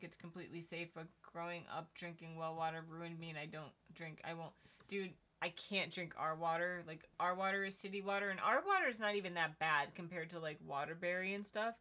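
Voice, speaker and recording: Female co-host, slightly low-pitched, bright tone, chatty livestream banter. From Connecticut. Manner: chatty, reads out viewer comments. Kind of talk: casual livestream chat.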